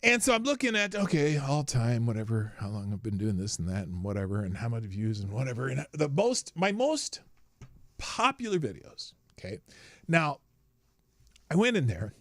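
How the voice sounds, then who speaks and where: A man hosting his own livestream show, talking casually in a rambling way with many restarts and sudden shouted bursts. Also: medium pitch, sing-song, normal speed, no echo. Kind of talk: casual solo livestream talk. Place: small home studio.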